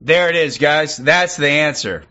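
A man streaming and reacting to clips, sarcastic and profane, working himself into excited outbursts. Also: on the high side, measured pace, highs cut off. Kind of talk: mocking commentary.

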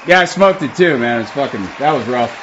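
A man's voice: mid-range voice, background noise. A man livestreaming, telling a rambling story to his chat, swearing a lot and laughing often. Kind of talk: casual storytelling to a live chat. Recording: dull lo-fi stream audio with faint crowd.

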